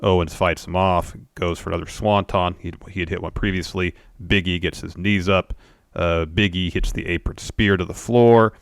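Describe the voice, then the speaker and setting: A man's voice: sits low, normal speed, clear, resonant tone, dry recording, studio quality. A man co-hosting a podcast, methodically retelling a wrestling show's events step by step. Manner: steady, methodical retelling with fillers. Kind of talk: play-by-play recap.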